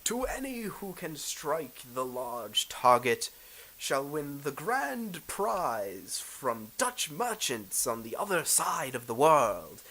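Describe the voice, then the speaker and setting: A man's voice: fairly high pitch, very animated, takes it slowly, bright, forceful tone, heavily acted, low-quality recording. A man doing a boisterous market announcer. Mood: proclaiming.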